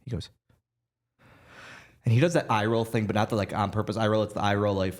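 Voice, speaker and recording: Animated man telling stories with laughs. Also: fairly low pitch, a little fast. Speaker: podcast guest. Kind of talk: storytelling on a podcast.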